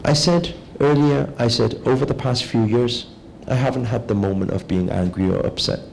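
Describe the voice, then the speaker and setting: A man giving a calm, measured spiritual talk, speaking slowly and deliberately as a teacher. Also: mid-range voice, vocal fry, slight background noise, rough recording.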